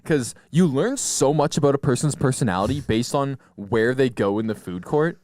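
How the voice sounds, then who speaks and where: A young man rambles through casual podcast chat, laughing often and slipping into quoted voices. His pitch sits at an ordinary middle, recorded dry and close with no room sound. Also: lively intonation, moderate pace, darkish tone, no room sound. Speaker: podcast co-host.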